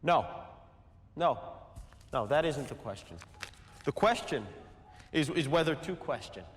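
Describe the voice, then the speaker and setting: A man's voice: a little high, lively intonation, measured pace, slight background noise. Brief: teen boy giving a declaiming recital, lighter voice, auditorium reverb. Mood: defiant. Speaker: student performer. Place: school auditorium stage.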